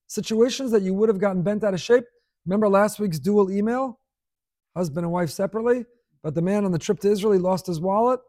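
Man preaching to a room, high pitch, dry close sound, lively and repetitive delivery. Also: fast talker, dry recording. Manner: animated, rhetorical questions, repeats phrases for emphasis. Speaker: rabbi giving a class. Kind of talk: sermon. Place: room with an audience.

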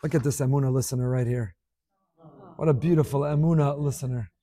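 A middle-aged man teaches a Torah class at a fairly quick clip in a medium-pitched voice. He reads listener emails aloud with animated, emphatic delivery, dropping in Hebrew terms here and there.

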